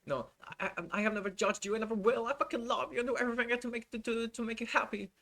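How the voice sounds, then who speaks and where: A man putting on the voice of a gushing, devoted man, in a high, sing-song mocking imitation. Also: steady tone, rapid-fire, pushed and bright, heavily acted. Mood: doting.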